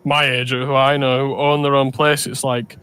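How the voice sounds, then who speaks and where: A man's voice: medium pitch, flat delivery, normal speed, pushed and bright, clean tone. A young man from the United Kingdom, a podcast co-host, chatting casually and making wry jokes. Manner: joking, wry asides. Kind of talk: casual chat.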